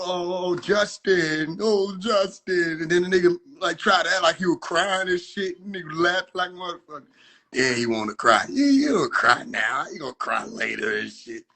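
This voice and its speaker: A young man, reacting to his own clips in casual, profane commentary, exasperated and often shouting in disbelief. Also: high voice.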